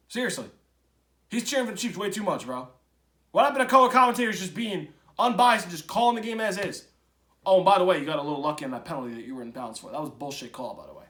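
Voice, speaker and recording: A man hosting a sports podcast, talking bluntly and ranting, swinging from loud outbursts to low mutters. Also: animated, racing. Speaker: podcast host. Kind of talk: casual opinionated sports talk.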